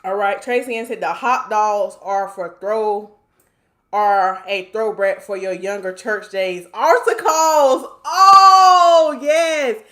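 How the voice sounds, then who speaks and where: A woman's voice: medium pitch, steady tone, unhurried. A woman from North Carolina, hosting a live stream and reading viewer comments aloud in a chatty, playful way.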